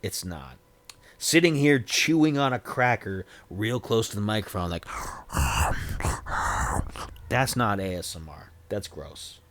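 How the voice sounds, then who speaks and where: A man's voice: fairly low pitch, expressive, unhurried, pauses often, fairly bright tone. A man in his forties chatting casually on a livestream, rambling with self-deprecating, jokey asides into a desk microphone. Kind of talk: casual stream chat.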